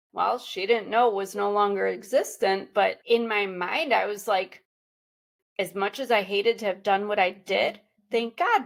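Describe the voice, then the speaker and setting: A woman's voice: mid-range voice, vocal fry. A woman guest on a podcast, telling her own story bluntly and candidly and swearing freely.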